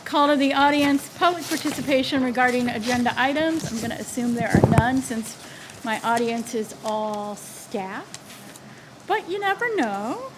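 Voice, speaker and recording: A woman's voice: high-pitched, lively intonation, normal speed, slight background noise. A woman serving as school board president, chairing a formal meeting on a table microphone and joking and laughing between agenda items.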